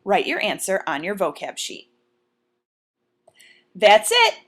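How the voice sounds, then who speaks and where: A woman teacher giving a recorded vocabulary lesson, explaining words clearly and deliberately and posing questions to her students. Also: medium pitch, huge pitch swings, fairly bright tone.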